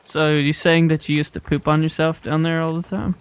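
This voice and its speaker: Jokey man with a smooth, higher voice. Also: little pitch movement, a little fast. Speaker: player. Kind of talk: joking tabletop banter.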